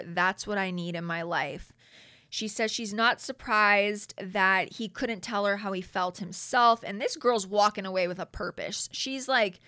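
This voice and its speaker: A young woman hosting a casual reality TV recap, animated and slangy as she reads from her notes. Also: mid-range voice, no echo, clean studio sound.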